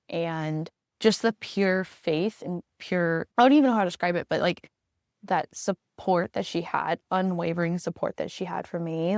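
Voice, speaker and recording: A young woman hosts her podcast alone, talking about family in a heartfelt, earnest way. Her voice sits on the low side, with plenty of gravelly fry. The recording is close and dry, with no room sound. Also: a little mellow, no echo. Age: young adult. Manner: heartfelt, earnest, emotional storytelling. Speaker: podcast host, veterinary student. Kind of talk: casual solo podcast talk.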